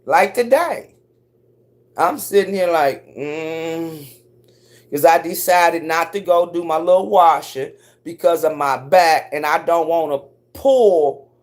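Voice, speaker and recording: A middle-aged woman telling stories on a casual livestream, cursing freely and leaping up in pitch when she acts out what people said. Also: takes it slowly. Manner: profane, animated storyteller who swoops up high for quoted voices. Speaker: live streamer.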